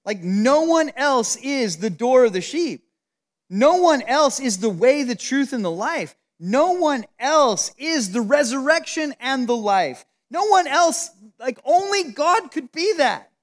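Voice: sits high, expressive, slow pace. Casual, filler-heavy Bible teacher. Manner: conversational, many "like" fillers, emphatic.

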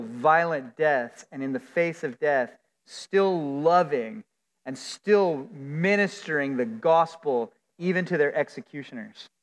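Male pastor, high register, slow emphatic preaching, recorded in a reverberant sanctuary. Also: a bit bright. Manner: earnest, emphatic preaching with drawn-out stresses. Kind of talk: sermon. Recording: long hall reverb.

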